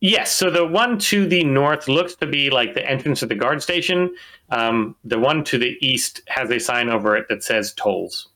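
A man narrating as game master in a tabletop game, halting often with fillers and restarts. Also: mid-range voice, expressive, pushed and bright.

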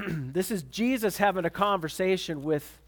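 A male pastor delivers a sermon in a fairly high voice. He reads scripture and then drives his points home with emphatic restatements and repeated words. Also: lively intonation, normal speed. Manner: emphatic preaching with repeated words and sudden pitch swings.

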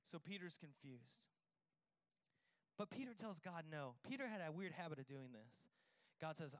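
A man's voice: fairly high pitch, lively intonation, moderate pace, long pauses, fairly bright tone, no echo. A man preaching a sermon in a conversational, joking way, acting out the dialogue of the scripture. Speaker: pastor.

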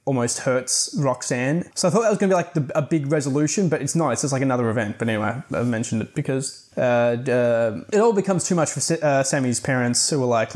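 A man's voice: fairly high pitch, normal speed, a little mellow. A young man giving a casual, rambling book review full of restarts and filler words.

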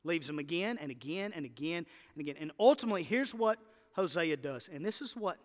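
A man preaching a sermon to his church, impassioned and building to loud emphatic lists. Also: a little high, expressive, fairly quick. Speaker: pastor. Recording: church hall reverb.

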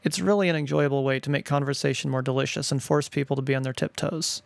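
A middle-aged man reading his own family stories aloud in a wry, gently playful way, recorded close to the mic. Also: medium pitch, steady tone, fast, creaky, hardly any pauses, no room sound. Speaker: storyteller, father.

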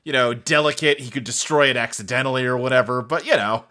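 A man's voice: medium pitch, quick pace, bright, forceful tone. A man co-hosting a podcast, riffing sarcastically on a movie in casual chat and swearing freely. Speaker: podcast co-host.

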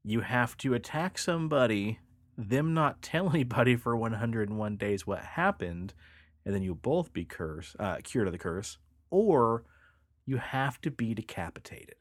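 A man's voice: medium pitch, expressive, measured pace, dry recording, clean studio sound. A man co-hosting a casual podcast, retelling folklore in a laid-back, rambling way. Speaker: podcast co-host. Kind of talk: casual storytelling chat.

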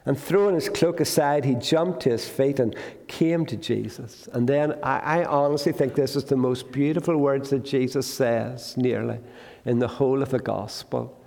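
Chatty preacher in a reverberant church. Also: male voice, mid-range voice, normal speed, gravelly, warm tone. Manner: conversational, asks the congregation questions. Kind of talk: sermon. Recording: long hall reverb.

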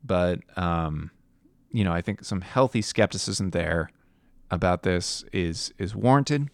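Weary young male podcast host, low gravelly voice, dry close sound, talks in loose restarts. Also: animated, a little slow, no room sound. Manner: rambling, self-correcting, yawning and tired. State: tired. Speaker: fantasy football league podcast host. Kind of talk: casual solo podcast commentary.

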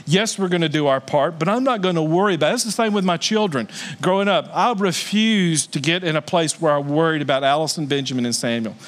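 A middle-aged man gives a sermon from the pulpit, his voice sitting a little higher than most men's. He is earnest throughout, slowing into soft, drawn-out stresses and then rising into loud, high exclamations. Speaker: pastor.

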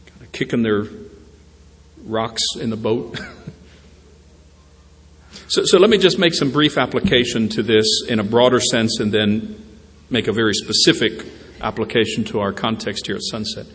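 A male pastor preaching a sermon in a church, swinging between slow, quiet emphasis and bursts of animated storytelling as he acts out voices. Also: lowish voice. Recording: long hall reverb.

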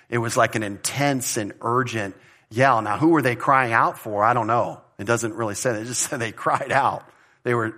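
A man's voice: mid-range voice, a bit bright. A man teaching a Bible study in an informal, conversational way, with asides and restarts.

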